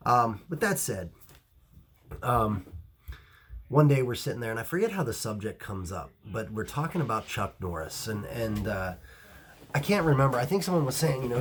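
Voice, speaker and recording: Male martial arts instructor, low pitch, slightly raspy, lively storytelling vlog delivery. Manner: animated, many restarts and fillers. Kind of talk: casual storytelling to camera. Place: Ohio.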